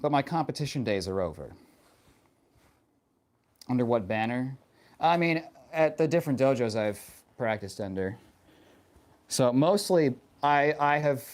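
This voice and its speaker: A man live-streaming in casual chat, answering viewers in a rambling, profane way full of fillers, and getting animated when he rants. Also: mid-range voice. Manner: animated and passionate when ranting.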